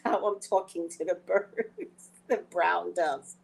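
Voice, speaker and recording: A woman hosts a casual spiritual talk. Her pitch swings widely as she tells stories unhurriedly. She laughs often and acts out her own thoughts. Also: huge pitch swings, unhurried, creaky, fairly bright tone, rough recording. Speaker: psychic reader and show host.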